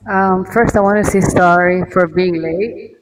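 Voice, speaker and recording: A woman's voice: lowish voice, steady tone, measured pace. A woman musician talking casually in a remote interview over a video call, chatty and laughing often. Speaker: guest musician. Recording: distant video call audio.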